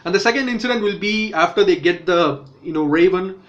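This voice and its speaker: Rambling male TV reviewer, high voice. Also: fairly quick, lo-fi sound. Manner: rambling, many self-corrections and fillers. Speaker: TV show reviewer. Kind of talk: casual spoken review.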